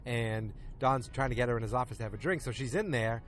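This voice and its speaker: A man hosting a podcast, recapping an episode in a loose, casual way and acting out the characters' lines in quick quotes. He is recording outdoors in a park. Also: medium pitch, slight background noise. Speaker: podcast host.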